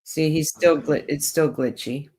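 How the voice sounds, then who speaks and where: A woman's voice: low-pitched, fairly even intonation, measured pace, a little mellow, husky. Chatty woman hosting a livestream. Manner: rambling and friendly, talks straight to viewers. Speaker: livestream host. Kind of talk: casual livestream chat.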